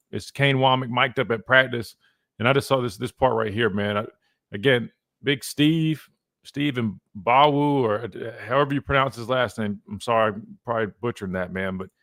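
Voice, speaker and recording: A man's voice: lowish voice, a bit bright, no room sound, clean studio sound. A man in his thirties hosting a sports talk radio show, rambling casually and tossing in "man" a lot. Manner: laid-back, rambling, lots of "man". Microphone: studio mic.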